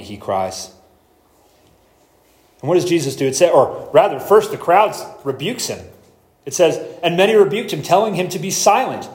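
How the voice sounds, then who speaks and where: Male pastor, slightly high voice, teaching sermon, reverberant sanctuary, reads verses deliberately. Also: very animated, a little mellow. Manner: explains scripture verse by verse, reads passages aloud slowly. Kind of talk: expository sermon.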